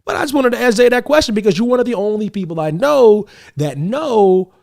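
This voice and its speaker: A man hosting a podcast, chatting casually and telling animated stories with acted-out quotes. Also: sits high, brisk, vocal fry. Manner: animated storytelling, acts out quotes. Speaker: podcast host.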